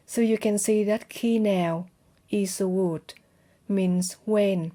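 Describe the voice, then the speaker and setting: A woman's voice: medium pitch, fairly even intonation, a little slow, mellow. A woman from Vietnam with a Vietnamese accent, teaching a language lesson in a careful way and sounding out example words. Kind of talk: slow explanatory lesson.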